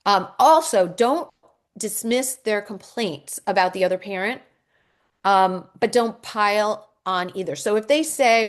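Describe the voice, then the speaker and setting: A woman's voice: mid-range voice, measured pace. A middle-aged woman, a divorce coach, giving a workshop talk and answering questions in an earnest, reassuring way, with many ums and restarts.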